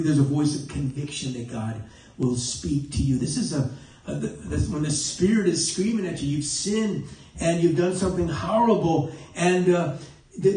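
Recorded from a distance in a highly echoey church sanctuary, a man gives an evening sermon in a dark-toned voice on the high side. He breaks in with "amen" and frequently stops to correct himself.

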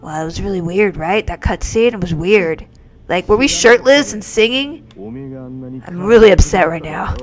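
A woman streaming a video game live, reacting excitably with yelps and exclamations. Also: medium pitch, measured pace, gravelly. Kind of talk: live gameplay commentary. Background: faint game music.

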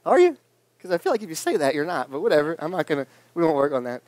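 A young man in his twenties preaches in a loose, conversational way, joking and acting out the people in his stories. His voice sits a little high for a man, and the sound is close and dry, with almost no room echo. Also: big pitch swings, fast, a little mellow. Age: 20s. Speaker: pastor. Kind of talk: casual sermon. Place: church sanctuary.

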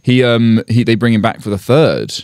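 A man co-hosting a podcast, bantering casually, joking and swearing as he rambles quickly. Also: mid-range voice, lively intonation, a little mellow, dry recording, clean studio sound. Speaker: podcast co-host.

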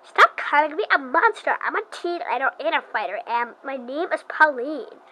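A woman voicing a haughty masked teen idol girl from a video game, speaking loudly and indignantly. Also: sits high, lively intonation, moderate pace, poor audio. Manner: indignant, loud and vain.

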